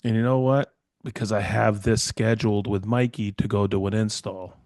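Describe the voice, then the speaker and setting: A man's voice: on the low side, normal speed, no echo, clean studio sound. A middle-aged man co-hosting a casual podcast chat, telling stories and acting out the people in them with big jumps in his voice. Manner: animated storyteller who acts out quoted dialogue. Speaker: podcast co-host, woodworker.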